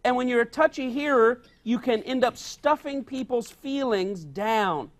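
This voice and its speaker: Unhurried and extremely high-pitched, a man preaches a homespun, plain-spoken sermon. He drives his key points home with emphasis and repetition and performs the dialogue he quotes.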